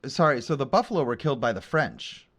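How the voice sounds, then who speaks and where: A man's voice: mid-range voice, very animated, fast, fairly bright tone, breathy edge. A man co-hosting a podcast in casual chat, joking and teasing his co-host.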